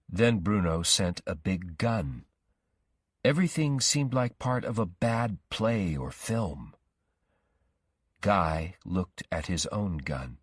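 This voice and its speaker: A male storyteller narrating a graded-reader story slowly and carefully. His voice is deep and husky, with a lively rise and fall. The recording is close and dry. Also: dry recording. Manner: slow, careful reading.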